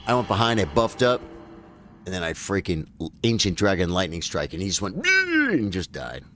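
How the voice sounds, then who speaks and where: A man's voice: sits low, wildly swooping pitch, moderate pace, a bit bright, faint music behind. A man giving casual live commentary as he plays a video game, talking to his viewers as bro and folks. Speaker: gaming streamer.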